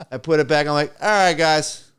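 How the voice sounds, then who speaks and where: A middle-aged man, a stand-up comic, telling animated stories in a casual chat and acting out the voices in them. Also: fairly high pitch, brisk, clear, resonant tone.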